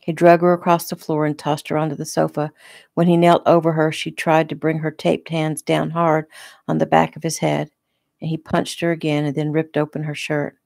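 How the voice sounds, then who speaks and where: A woman reads her own novel aloud in a relaxed, conversational way, as if sitting in the room with the listener. Her voice is low and gravelly, and the recording is close and dry. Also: normal speed, dry recording. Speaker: author reading her own book. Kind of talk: casual audiobook narration. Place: home room.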